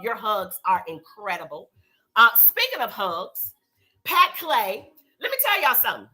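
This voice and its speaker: Lively, bright-voiced woman hosting a live show. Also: fairly high pitch. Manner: chatty, sassy and animated, thanking sponsors. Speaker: show host. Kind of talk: casual live recap show.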